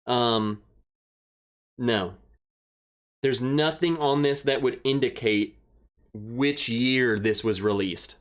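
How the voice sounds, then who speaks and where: Young man, livestream host, casual rambling chat, excitable, emotional, mid-pitched voice. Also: slow, long pauses. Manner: rambling, excitable, emotional, greets chatters by name. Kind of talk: casual livestream chat, reading viewer comments.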